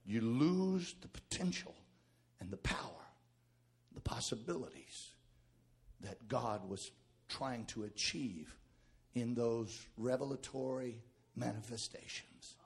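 A male pastor preaching a sermon, dropping to a hush and then rising to shouted, fervent peaks. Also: mid-range voice, animated, slow pace, long pauses. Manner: swings from hushed to shouting.

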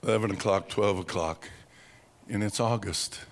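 A man preaching by telling a dramatic story, slow and vivid, acting out sounds and voices. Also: on the low side. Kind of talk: storytelling sermon.

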